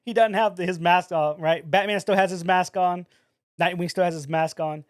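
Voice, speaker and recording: A man's voice: high voice, steady tone, normal speed, no room sound, studio quality. A man co-hosting a podcast, telling a story animatedly and acting out the quotes in casual talk. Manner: casual, says "bro". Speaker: podcast co-host.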